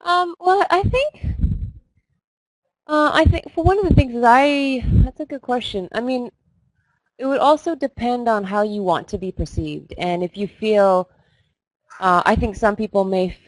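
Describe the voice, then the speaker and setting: A woman actress answering interview questions, thinking aloud with many fillers and restarts, lively when she tells a story. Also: mid-range voice, no echo, low-quality recording. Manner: thoughtful, hesitant with fillers, laughs while telling stories. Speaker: actress guest. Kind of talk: live online interview.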